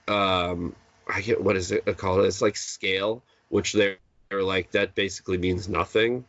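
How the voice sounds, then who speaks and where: Guy rambling on a podcast, kinda low voice, um and uh everywhere, dry muffled lo-fi audio. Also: a bit bright, dry recording. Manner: rambling, full of fillers and restarts. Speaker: podcast co-host. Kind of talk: casual chat. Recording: dull lo-fi sound, dry.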